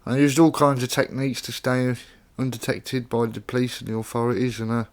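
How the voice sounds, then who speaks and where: A man's voice: medium pitch, level tone, brisk. Male poet, mid-range voice, reads his own verse plainly and conversationally, chatty between poems. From Staffordshire, England. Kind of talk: poetry reading with spoken introductions.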